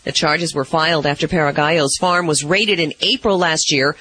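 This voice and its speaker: Bright, high-voiced man reading radio news. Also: moderate pace. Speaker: news reader.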